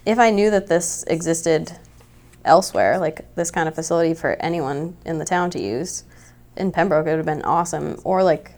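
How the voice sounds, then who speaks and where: A woman's voice: deep voice, moderate pace, darkish tone. A young woman guesting on a podcast, chatting casually with lots of filler words and light laughter. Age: young adult. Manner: laid-back, lots of likes and giggles. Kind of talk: casual interview chat.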